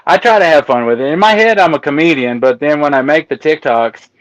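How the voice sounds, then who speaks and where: A man telling stories as a guest in a casual interview, animated and laughing as he talks. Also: a little high, fairly quick, dry recording. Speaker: guest, autopsy technician. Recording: dull lo-fi sound.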